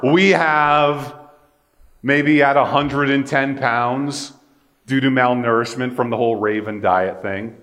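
A man's voice: medium pitch, slow, fairly bright tone. A man preaching a sermon in a casual, conversational way with joking asides.

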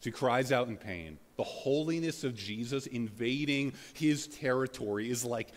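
In a large hall, a male pastor with a medium-pitched voice and lively intonation speaks at a moderate pace. His sermon is loose and conversational, heavy with fillers like "like" and "you know," with dramatic scripture readings mixed in.

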